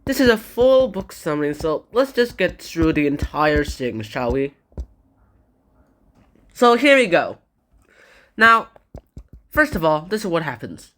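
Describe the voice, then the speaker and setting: A woman's voice: low-pitched, very animated, a little slow, pauses often, a bit bright. A woman giving a casual, playful book summary and acting out the dialogue. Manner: chatty, playful, acts out dialogue.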